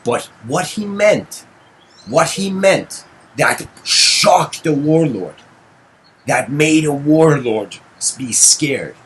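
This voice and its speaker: A man's voice: fairly high pitch, lively intonation, very slow, fairly bright tone, breathy edge, poor audio. A man giving a casual storytelling lecture, rambling with fillers and asides.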